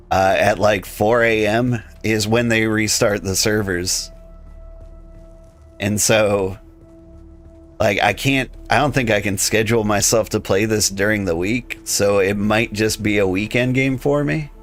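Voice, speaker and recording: A man chatting casually and rambling while streaming a game, his voice tired and wearing thin, with lots of filler words. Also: fairly low pitch. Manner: rambling, relaxed, many "like" fillers. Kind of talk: casual live-stream chat while playing.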